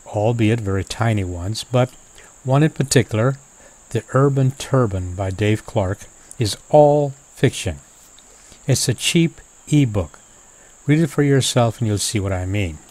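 A man narrating his own nature video in a reflective, unhurried voice-over, musing aloud and now and then talking to his subject. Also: on the low side, a little mellow.

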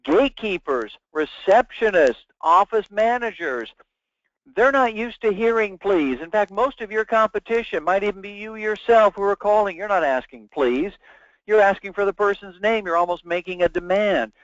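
A man's voice: high-pitched, normal speed, a bit bright, no echo. A man giving a webinar lecture as a sales trainer, talking emphatically and acting out sample phone calls. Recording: dull, dry lo-fi webinar audio.

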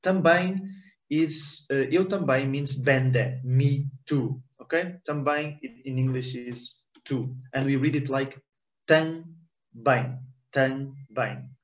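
Man, language teacher, slow deliberate pace, roomy echo. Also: mid-range voice, highs cut off. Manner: explains in English, repeats words slowly, often checks with "ok?". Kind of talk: online language lesson.

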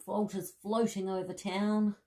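A woman reading a bedtime story aloud to children, expressive, with soft gasps and friendly asides. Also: mid-range voice, measured pace, slight background noise.

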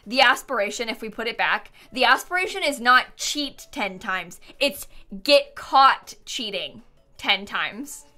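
A young woman livestreaming a game with a high, bright voice that jumps all over the place. She chats with her viewers, giggles a lot and keeps thanking them, speaking through a headset. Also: lively intonation, unhurried, faint music behind. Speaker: streamer. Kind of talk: live game stream chat. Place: home streaming setup.

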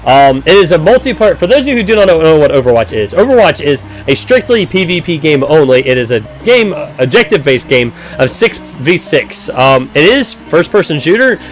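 A man hosting a casual live game stream from his home setup, upbeat and chatty as he greets viewers one by one. His voice sits a little high and swings widely in pitch. He explains things with plenty of "um"s, and faint music plays behind him. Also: sing-song, brisk, hardly any pauses. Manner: frequent "um" fillers while explaining.

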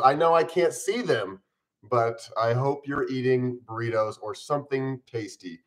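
A man's voice: medium pitch, unhurried, a bit bright. A man in his forties hosting a casual live stream from home, chatting upbeat and eating on camera while mildly ill.

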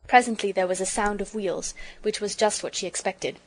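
In a gentle, expressive storytelling style, a woman narrates a children's audiobook. Her pitch is medium and her speed normal.

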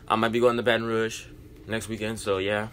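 A man's voice: on the low side, level tone, fairly quick, background noise. A young man reacting to a video and rambling casually to his viewers as a vlogger. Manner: loose, rambling, apologetic asides. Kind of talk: casual vlog talk.

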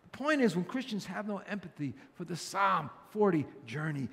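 A man's voice: high-pitched, sing-song, normal speed, hardly any pauses, a bit bright, big-room sound. A male pastor giving an earnest, conversational sermon, often repeating phrases for emphasis.

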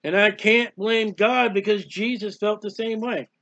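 High-voiced man preaching, bright and tense, dull lo-fi sound, kinda halting and emotional. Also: steady tone, no echo. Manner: emotional, halting, cries out in prayer. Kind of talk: personal devotional talk.

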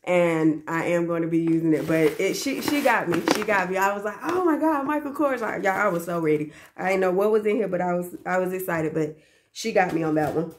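Gushing woman with a low voice. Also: fairly quick, slight background noise. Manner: chatty and gushing, repeats herself, talks to viewers as y'all. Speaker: daycare teacher. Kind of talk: casual gift haul chat to camera.

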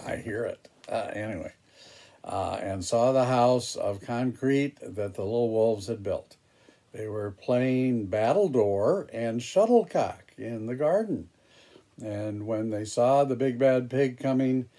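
A man reading a picture book aloud, pausing for chatty, hesitant asides about the pictures. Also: mid-range voice, dark tone. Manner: hesitant, with fillers and restarts. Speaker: storybook reader.

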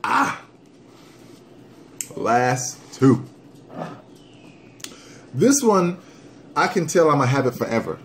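A man doing a casual hot sauce challenge vlog at home, animated and joking while his mouth burns from the sauce. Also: mid-range voice, takes it slowly, long pauses, slight background noise. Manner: animated, joking, breaks into whoops and coughs. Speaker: vlogger.

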